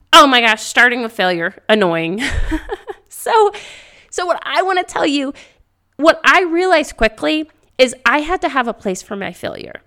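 A woman hosting a podcast, telling stories in a loud, animated way and laughing often into a podcast microphone. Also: high-pitched. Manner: speaks loudly; animated storytelling with frequent laughter. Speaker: podcast host. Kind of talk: casual motivational podcast monologue.

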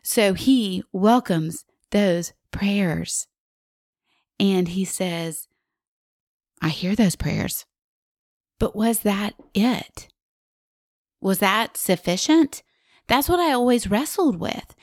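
Warm-hearted woman guest speaker, forties; slow, intimate teaching that slips into whispers, recorded dry. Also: mid-range voice, lively intonation, dry recording. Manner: earnest and intimate, asking the listener questions and dropping to a whisper. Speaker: guest speaker on a Christian parenting podcast.

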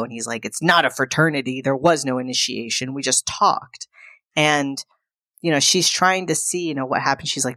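Podcast co-host, woman, low pitch, animated storyteller voicing characters in passing. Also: moderate pace, no echo, studio quality. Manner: animated retelling, acting out characters' lines. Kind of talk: casual chat recapping a film.

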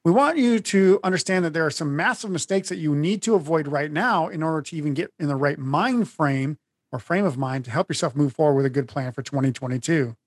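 A man co-hosts a business podcast, talking quickly and brightly as he sets up the episode. His voice sits close and dry, with no room around it. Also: on the high side, no room sound. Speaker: podcast co-host. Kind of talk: podcast intro and casual chat.

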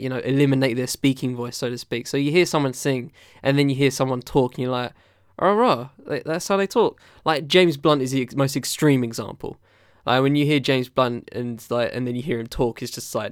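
Rambling male host with a smooth, dry voice. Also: medium pitch, dry recording. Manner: rambling, loose, full of fillers and restarts. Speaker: podcast host reviewing albums. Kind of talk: casual chat.

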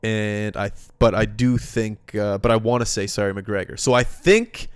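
A man's voice: on the low side, fairly even intonation, moderate pace, clean tone, dry recording. A young man hosting a casual podcast chat, loose and slangy, on a dry close mic. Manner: laid-back, loose and slangy. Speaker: podcast host.

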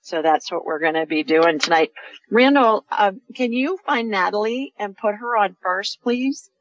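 A woman's voice: mid-range voice, lively intonation, moderate pace, a little hiss or hum. A woman hosting a live call-in radio show, talking callers through her visions in a chatty, reassuring way. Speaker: radio show host, intuitive healer. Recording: dry, muffled radio audio.

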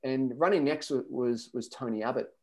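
A middle-aged man, a runner guest on a podcast, tells running stories in a casual chat, animatedly acting out the voices of the people in them. His voice is mid-range at a normal speed.

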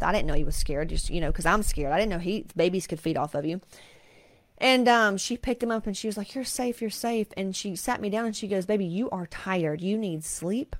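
A woman's voice: fairly low pitch, no echo. A woman, hosting a podcast and telling a raw, emotional personal story with plenty of swearing. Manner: emotional, confessional, frequent swearing. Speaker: podcast host.

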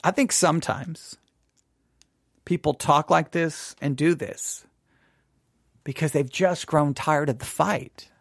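A man teaching in a sermon style, answering listener questions, earnest and animated, often repeating words and restarting. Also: a little high, slow, vocal fry, long pauses, dry recording, clean studio sound. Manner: earnest, animated, acts out imagined people.

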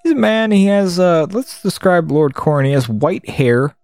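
A man reading through a game and commenting on it in a rambling, halting, wry way. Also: high voice, lively intonation, darkish tone, no room sound. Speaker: game streamer.

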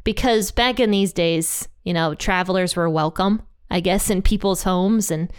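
A woman's voice: lowish voice, moderate pace, clear, resonant tone. A woman teaching a Bible passage in a casual, chatty way, retelling the story conversationally. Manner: chatty, conversational retelling with playful quoted voices.

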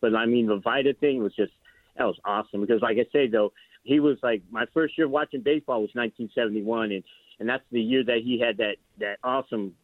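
A man's voice: mid-range voice, quick pace, dry recording. A man phones in to a sports talk show and rambles through a story, circling back with fillers and restarts. His voice comes over a tinny, narrow phone line. The sound is dry, with no room around it. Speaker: caller. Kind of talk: casual phone call to a sports radio show.

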